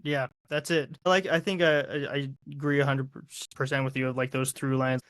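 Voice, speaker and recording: A man hosting an interview, chiming in with easy agreement. His voice stays level and even with little rise and fall. The sound is close and dry, with no room around it. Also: medium pitch, moderate pace, clean tone, no echo. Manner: agreeable, short affirmations. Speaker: podcast host. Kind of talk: casual interview chat.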